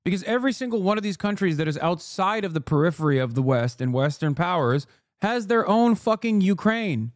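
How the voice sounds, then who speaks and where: A man's voice: high-pitched, animated, dry recording, studio quality. A man in his thirties doing live-stream political commentary, profane and combative, firing back at chat. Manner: profane, combative, rapid asides.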